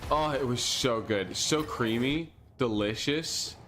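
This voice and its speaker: A man streamer casually telling a childhood story in an animated, self-deprecating way, laughing often. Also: medium pitch, slow, faint music behind.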